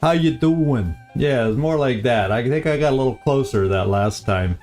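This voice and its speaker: A man's voice: mid-range voice, animated, fairly quick, darkish tone, faint music behind. A man hosting a live game stream, chatting casually and easily, often chuckling and repeating his phrases.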